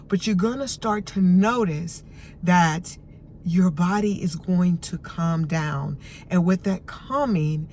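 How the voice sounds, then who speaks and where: A middle-aged woman talking as a behavioral health coach in a self-help vlog, guiding listeners gently and soothingly. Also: lowish voice, a little hiss or hum. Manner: gentle, soothing, unhurried guidance.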